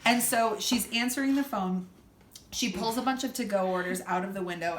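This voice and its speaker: A young woman telling a story in a casual chat, loud and animated, swearing freely and acting out the people she quotes. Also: mid-range voice, brisk. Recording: echoey room, faint background hum.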